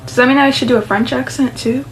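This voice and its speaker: A woman's voice: high-pitched, fairly even intonation, fast talker, rough recording. Young woman reading a story aloud. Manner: chatty, playful asides. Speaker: reader of an interactive story game. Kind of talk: casual story reading with asides.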